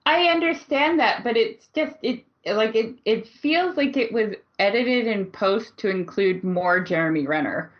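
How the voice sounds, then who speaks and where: A woman's voice: medium pitch, expressive, unhurried, hardly any pauses. Woman, podcast co-host, casual chat, blunt, laughs a lot, slightly muffled audio. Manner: chatty, laughs often, blunt and dismissive. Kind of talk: casual movie discussion.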